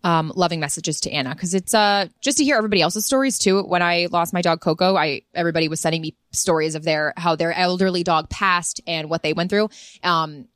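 A woman's voice: fairly low pitch, fairly quick, a bit bright, dry recording, clean studio sound. A woman in her twenties co-hosting a podcast, talking frankly and supportively in casual chat, with casual swearing. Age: 20s. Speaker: podcast co-host.

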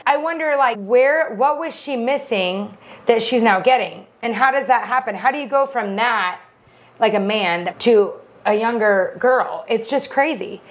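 A woman co-hosting a podcast, chatting and gossiping in an animated, storytelling way. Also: fairly high pitch, unhurried. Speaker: podcast co-host. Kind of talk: casual chat.

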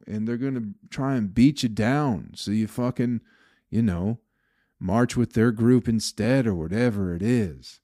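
A young male comedian rambling through a solo podcast, swearing often and sounding exasperated. His voice sits at an ordinary middle pitch and is captured close and dry, with no room echo. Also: dark tone. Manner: profane, exasperated ranting.

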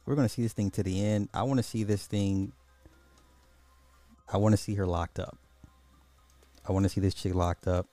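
A man with a low, mellow voice hosts a call-in commentary show, casual and slangy, drifting into rambles. The sound is dry and close, with faint music underneath. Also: no echo. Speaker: podcast host.

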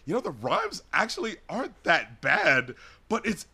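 A man talks through an album review on a casual podcast, rambling and animated, with lots of "like" and "you know". His voice sits fairly high and sounds bright and forceful. He acts out lyrics and studio scenes as he goes. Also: normal speed, creaky, husky.

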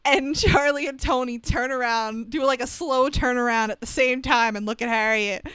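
A woman's voice: high-pitched, normal speed, fairly bright tone, clean tone, no room sound. A woman co-hosting a podcast, casually recapping a film with wry asides and frequent laughter. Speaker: podcast co-host.

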